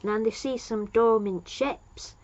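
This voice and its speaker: A woman's voice: a little high, a little slow, darkish tone, highs cut off. A woman giving a casual, rambling recap of a TV episode as a reviewer. She loses her place and fills gaps with "um" and "like".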